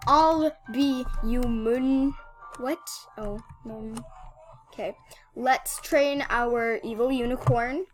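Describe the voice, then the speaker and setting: A woman giving casual commentary over gameplay, rambling and excitable, with lots of "like" and "um". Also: a little high, takes it slowly, faint music behind. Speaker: gaming video host.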